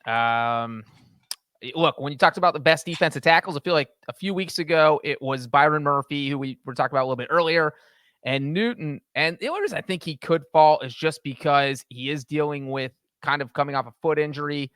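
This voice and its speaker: Man, slightly high voice, dry close sound, measured casual sports talk. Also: a bit bright, smooth, dry recording. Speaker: podcast panelist.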